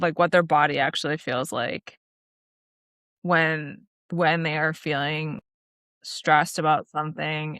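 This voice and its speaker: A woman's voice: on the low side, bright, forceful tone, no echo, studio quality. A woman co-hosting a podcast, talking in a reflective, coaching way with casual fillers. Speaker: podcast co-host. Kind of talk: casual chat.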